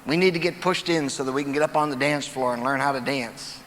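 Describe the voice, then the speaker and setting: A man speaking to an audience in a large auditorium with a folksy, storytelling manner and a pitch right in the middle for a man. His voice is caught from a distance, with a long echo from the hall and a faint hum of room noise behind it. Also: fast, a bit bright. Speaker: motivational speaker. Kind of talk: motivational stage talk. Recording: distant, echoey live hall recording.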